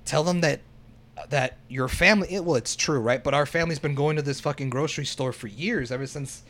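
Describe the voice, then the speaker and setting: Young man, casual chat, rambling storyteller, swears a lot, bright, slightly high voice. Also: fairly quick. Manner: rambling, profane storytelling full of "like". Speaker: storyteller among friends.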